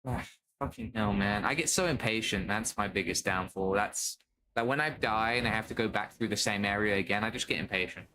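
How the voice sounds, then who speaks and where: A man's voice: fairly low pitch, a little fast, sharp tone, poor audio. A young British man chatting casually to his stream chat while playing a game, swearing now and then and greeting viewers. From Britain. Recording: faint background noise.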